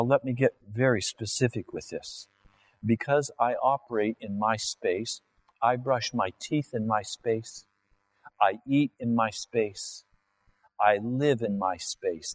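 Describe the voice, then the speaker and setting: A man preaching a sermon in a church, acting out biblical dialogue and everyday scenes in changing voices, with sudden high exclamations. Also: rough recording. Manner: slow, deliberate delivery with sudden high-pitched exclamations.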